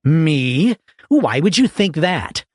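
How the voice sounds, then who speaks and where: A man's voice: a little high, very animated, slow pace, darkish tone, no room sound, studio quality, voice pushed up, exaggerated voice. A man voicing a pompous professor who sneers, blusters and seethes with indignation. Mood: indignant. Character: pompous, easily enraged middle-aged professor.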